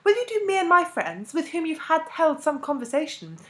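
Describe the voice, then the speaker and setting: A woman reading the part of a whimsical, excitable male clerk who speaks abruptly and eagerly. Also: very high-pitched, brisk, voice pushed up, exaggerated voice. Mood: eager courtesy.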